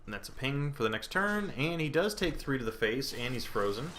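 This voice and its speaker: A man's voice: mid-range voice, big pitch swings, fairly quick, fairly bright tone, slight background noise. A young man commenting on his own card game as he plays, thinking aloud and hesitating between moves. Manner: thinking aloud, hesitant, with playful put-on panic. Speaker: gameplay commentator. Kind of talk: casual gameplay commentary. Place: indoor room at home, planes passing overhead.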